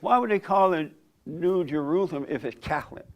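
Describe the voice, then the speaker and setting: A man's voice: fairly high pitch, lively intonation, brisk, highs cut off. An older man, a pastor and host, giving a casual church talk and telling stories with a joking manner and frequent laughs. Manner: joking storyteller, laughs often.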